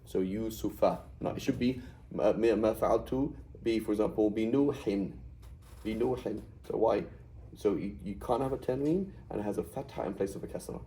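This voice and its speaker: A man's voice: lowish voice, normal speed, warm tone, a little hiss or hum, rough recording. A middle-aged man teaching a Quranic Arabic class in a conversational way, often checking with "right?". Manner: explains with frequent "right?" checks.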